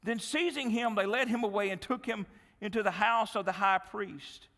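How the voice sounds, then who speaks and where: A male pastor preaching a sermon, telling a Bible story with dramatic swings from loud, lively delivery to hushed, pleading tones. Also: high voice, moderate pace, vocal fry, long reverb tail. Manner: dramatic storytelling, acting out Bible dialogue, dropping to hushed pleas. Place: church sanctuary.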